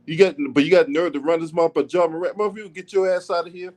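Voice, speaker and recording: A man's voice: on the high side, fast, a little mellow. A man hosting his own sports commentary channel, talking bluntly and profanely in a combative rant. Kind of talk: casual commentary.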